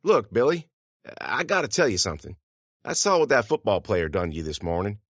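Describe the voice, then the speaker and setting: A man voicing an earnest, pushy teenage high school girl in a spoken story, in a higher, eager voice. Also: sing-song, a little fast, fairly bright tone, no room sound, studio quality, full character voice. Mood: urging.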